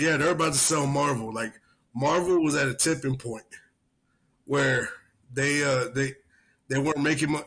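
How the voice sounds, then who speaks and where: A man's voice: fairly high pitch, fairly bright tone, husky. A man hosting a podcast in casual chat, rambling and swearing constantly as he tells stories. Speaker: podcast host, army veteran.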